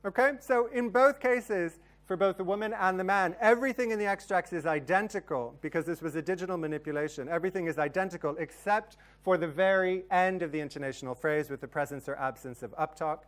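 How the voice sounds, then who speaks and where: A man's voice: high voice, fairly quick, few pauses. A man giving a plenary academic lecture, explaining research results step by step with the occasional um. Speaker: conference plenary speaker.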